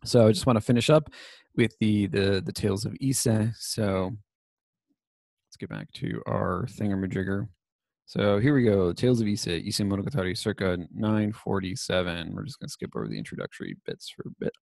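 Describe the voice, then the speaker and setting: A man giving a recorded course lecture, casual and digressive with many fillers, his voice slightly raspy from talking. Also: on the low side, animated, a little fast, darkish tone, no room sound, studio quality.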